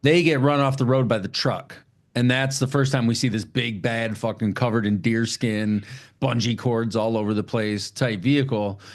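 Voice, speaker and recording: A man co-hosting a podcast, retelling a film in casual, profane, animated chat. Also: medium pitch, normal speed. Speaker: podcast co-host.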